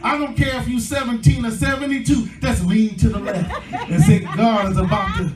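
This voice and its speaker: A male pastor preaching a sermon, his delivery swelling into impassioned shouting as the congregation answers him. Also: extremely high pitch, fairly even intonation, normal speed, a crowd in the background. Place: church sanctuary. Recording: echoey church room from a distance with faint music.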